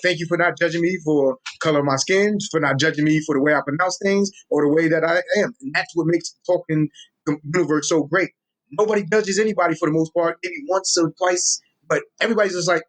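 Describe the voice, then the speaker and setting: A young man with a New York accent, a social media Tolkien explainer, talks fast in a high-ish, somewhat raised voice during a casual interview. Full of street-flavored energy, he restarts sentences and repeats words, sounding at ease and ready to teach.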